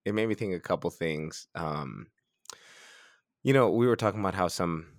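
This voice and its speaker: A man's voice: sits low, lively intonation, moderate pace, no room sound, clean studio sound. A man co-hosting a health podcast, chatting casually and laughing often. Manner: laughs often, loose and joking. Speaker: podcast co-host, strength coach.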